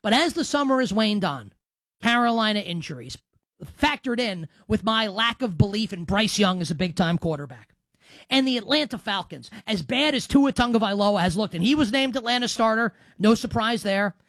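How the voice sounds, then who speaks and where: A man's voice: sits high, lively intonation, moderate pace, fairly bright tone, no room sound. Brash, emphatic male sports radio host. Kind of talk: sports talk monologue.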